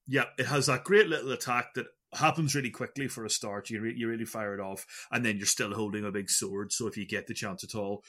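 A man's voice: on the low side, steady tone, brisk, few pauses, sharp tone. A man co-hosting a casual gaming podcast, rambling and self-deprecating with frequent stammered restarts. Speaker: podcast co-host.

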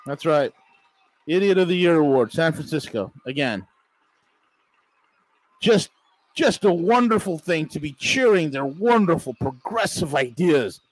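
A man's voice: fairly high pitch, lively intonation, measured pace, pauses often, no echo, low-quality recording. A man with a slightly raised voice hosts a podcast and rants through his political commentary. He sounds sarcastic and mocking, leaning hard on his emphatic lines. The recording is dry and close to the mic. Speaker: podcast host.

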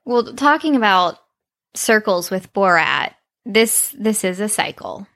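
A woman's voice: medium pitch, animated, measured pace, creaky, fairly bright tone. A woman with a Southern US accent co-hosting a podcast in casual, chatty talk, laughing often. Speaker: podcast co-host. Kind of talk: casual chat.

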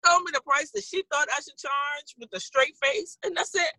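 A woman co-hosting a casual chat, telling stories in an animated way and laughing often. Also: high voice, normal speed, no room sound, low-quality recording.

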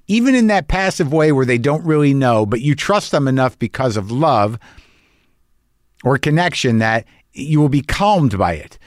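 A man hosts his podcast alone in a loose, wry ramble, swearing freely with an anxious undercurrent. His voice sits at an ordinary middle pitch. The sound is dry and close, with no room echo. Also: lively intonation, normal speed, pauses often. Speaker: podcast host. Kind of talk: rambling casual monologue. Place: lives on the West Coast.

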